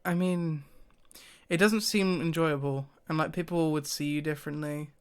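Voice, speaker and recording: A man in casual to-camera commentary, thinking aloud and hesitating often, breaking into short laughs. His voice sits a little high for a man and sounds smooth and clear. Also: fairly even intonation, moderate pace. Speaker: YouTuber.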